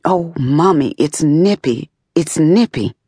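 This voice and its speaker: A woman's voice: sits low, expressive, slow, mellow, breathy edge, dry recording, studio quality, pitched above the performer's own voice, heavily acted. A woman reading the lines of a distraught grown son in shock, repeating himself. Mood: panicked.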